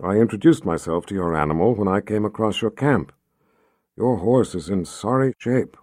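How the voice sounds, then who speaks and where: A man reading aloud, voicing a gentle, soothing motherly woman who speaks softly. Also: on the low side, normal speed, dry recording, clean studio sound, close to an everyday voice.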